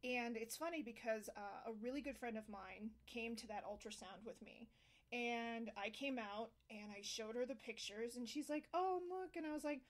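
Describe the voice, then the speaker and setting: A woman hosting a casual home interview, telling a story and acting out quotes with lots of fillers. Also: normal speed. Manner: animated, acts out quotes in higher voices. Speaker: host.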